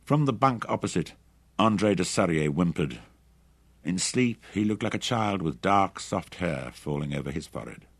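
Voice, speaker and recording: A man narrating an adventure audiobook in a measured, steady reading. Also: deep voice, no room sound. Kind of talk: scripted narration.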